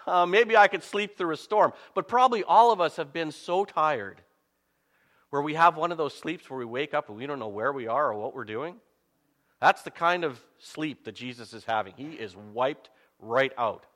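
A man preaching a sermon as a pastor, telling the story in an animated way with self-mocking humor. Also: on the high side, moderate pace, long reverb tail.

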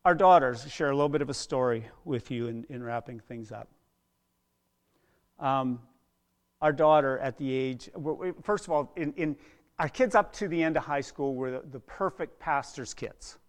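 A middle-aged man preaching a sermon as a pastor, earnest, dropping to a hush and then rising loud, often repeating words. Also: mid-range voice, moderate pace. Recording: long hall reverb.

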